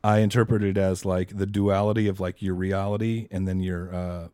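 Male podcast co-host, mellow dark tone, dry sound, wry and questioning, swears casually. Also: low-pitched, level tone, moderate pace, clean tone, dry recording. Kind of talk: casual movie-review chat.

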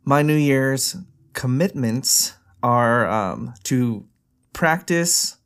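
A man's voice: medium pitch, animated, extremely slow, fairly bright tone, clean tone. A man co-hosting a casual chat, talking earnestly and laughing easily. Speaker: podcast co-host.

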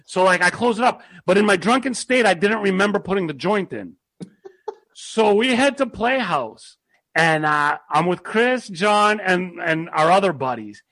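A man telling a casual, animated story, laughing often and shouting when he quotes himself. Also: high voice, moderate pace.

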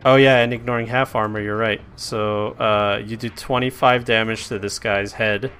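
A man's voice: fairly low pitch, steady tone, moderate pace, a bit bright, slight background noise. A man narrating as game master in a casual, chatty way.

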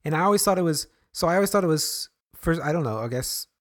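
A man's voice: on the high side, expressive, fast, a bit bright. A man co-hosting a casual chat, playful and often laughing as he reads odd word mix-ups aloud. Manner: playful, laughing, trying silly voices. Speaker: podcast co-host.

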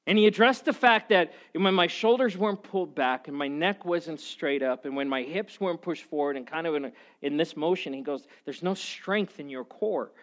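A man preaching a sermon as a pastor, telling stories in an animated, conversational way. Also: on the high side, brisk, hardly any pauses.

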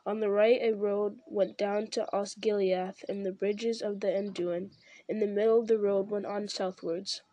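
A woman narrating a story in a measured, even audiobook reading. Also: mid-range voice, no echo. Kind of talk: scripted narration.

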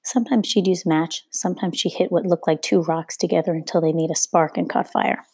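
A woman reads a children's novel aloud at a steady storytelling pace, sometimes correcting a slip. Her voice is low, mellow and husky. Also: a little fast, dry recording. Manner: steady storytelling, occasional rereading slips. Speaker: reader.

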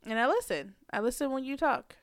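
A young woman in a casual, argumentative chat with her husband, animated and sassy, often mimicking him. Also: high-pitched, brisk, clean tone. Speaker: wife in a couple's talk.

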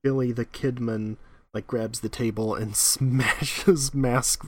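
A man co-hosting a casual podcast, recapping an anime episode in a relaxed way, with lots of "like" and the odd chuckle. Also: medium pitch, slow, no echo. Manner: relaxed, fills gaps with "like", chuckles.

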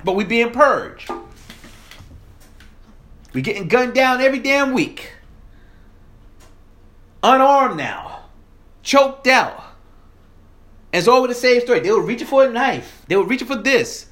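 A man rants at his viewers in a heated, emphatic style, swearing freely as he presses each point. His voice sits unusually high for a man. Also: big pitch swings, a little slow, pauses often, a bit bright. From American South. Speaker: political commentator. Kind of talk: ranting monologue.

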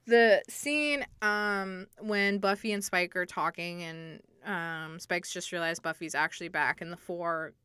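A woman's voice: lowish voice, measured pace, few pauses, pushed and bright, smooth, dry recording. A young adult woman co-hosting a casual podcast, talking things through thoughtfully with lots of "like". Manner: thoughtful, chatty, heavy use of "like". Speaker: podcast co-host. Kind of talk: casual chat analyzing a TV episode.

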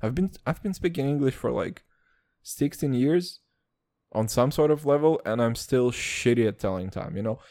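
A young man hosts a casual solo podcast in a mid-range, animated, mellow voice at a moderate pace, with no room sound. His accent blends Eastern European and American, and his first language is Serbian or Turkish. He rambles, swears, and pokes fun at himself.

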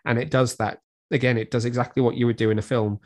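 A man appearing as a guest on a comics podcast, who talks in a relaxed, enthusiastic way and describes panels in close detail. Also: mid-range voice, quick pace. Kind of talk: casual comics review chat.

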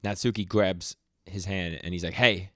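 A man's voice: low voice, fairly even intonation, no room sound, clean studio sound. A young man co-hosting a podcast, retelling comic scenes casually and stumbling over words. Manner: retells scenes in quick quoted lines, many stammers. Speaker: podcast co-host. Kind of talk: casual manga recap chat.

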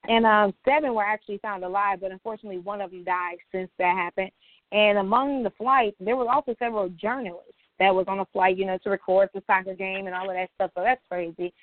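A woman's voice: medium pitch, steady tone, fast, no echo. A woman co-hosting a podcast in casual chat, blunt and teasing. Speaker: podcast co-host. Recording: dry, tinny phone-like sound.

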